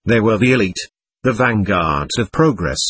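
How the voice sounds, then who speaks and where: Husky, expressive male audiobook narrator. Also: lowish voice, no echo. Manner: expressive, measured storytelling. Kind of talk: scripted narration.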